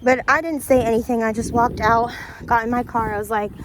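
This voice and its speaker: A woman's voice: a little high, fairly even intonation, fairly quick, noisy background. Chatty woman telling a storytime. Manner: chatty, talks straight to viewers with lots of "like"; laughs often between lines. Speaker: vlogger. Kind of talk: casual storytime to camera.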